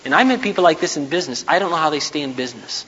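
A man's voice: fairly high pitch, lively intonation, racing, fairly bright tone, lo-fi sound. Man preaching in a reverberant hall. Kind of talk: sermon. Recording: hall reverb, faint background noise.

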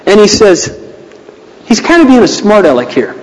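A man preaching in a casual, emphatic way, his voice sitting high and shooting higher when he reads scripture. The sound carries a long hall reverb behind it. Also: wildly swooping pitch, normal speed. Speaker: pastor. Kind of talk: sermon.

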